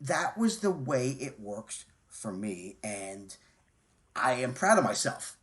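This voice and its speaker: A man hosting a live show chat, supportive and quick with affirmations. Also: mid-range voice, very animated, a bit bright. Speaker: host.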